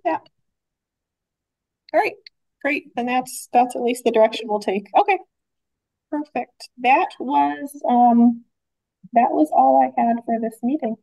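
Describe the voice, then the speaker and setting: A woman's voice: high-pitched, unhurried, vocal fry, pauses often, warm tone, no echo, rough recording. A woman, a library director, running a public board meeting in a chatty way with lots of fillers and restarts.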